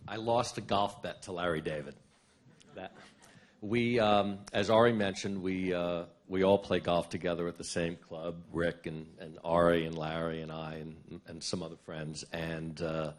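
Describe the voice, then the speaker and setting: A middle-aged man being interviewed at a conference, telling stop-start, self-deprecating anecdotes. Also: low voice. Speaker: interview guest. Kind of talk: storytelling at a conference.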